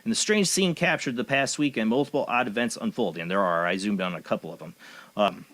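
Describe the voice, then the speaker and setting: Low-voiced blunt male radio host. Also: a little fast, a bit bright. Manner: blunt, opinionated, reads news aloud. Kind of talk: casual chat.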